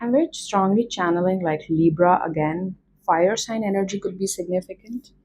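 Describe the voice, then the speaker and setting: A woman's voice: fairly low pitch, moderate pace, a little mellow, a little hiss or hum, poor audio. A woman with an Indian accent doing a casual tarot reading, chatty and rambling with many fillers. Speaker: tarot reader.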